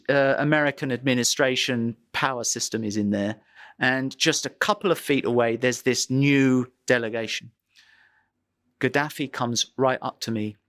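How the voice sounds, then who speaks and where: A man at a mid pitch recounts a personal story, building suspense with pauses and vivid detail. His voice is recorded close and dry, with no room sound. He speaks as an interview guest, a photographer looking back on his work. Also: a bit bright, no echo.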